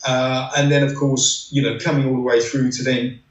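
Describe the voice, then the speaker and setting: A man's voice: medium pitch, level tone, moderate pace. A middle-aged man telling rambling racing stories as a podcast guest, with lots of "you know"s. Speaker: guest, former racing driver. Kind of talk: anecdotal podcast interview. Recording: roomy sound, distant from the mic.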